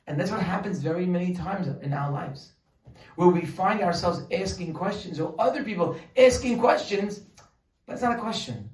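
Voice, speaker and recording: A man gives a lively, animated Torah class in a fairly high voice. He acts out the people in his stories. He stands off the mic in an echoey room. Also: normal speed, distant mic. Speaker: rabbi teaching Torah.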